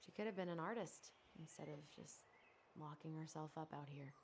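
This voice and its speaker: A curious young woman in a story game, inquisitive and quick to tease. Her voice sits a little lower than most women's. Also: breathy edge. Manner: teasing, inquisitive. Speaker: game character. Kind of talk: video game dialogue.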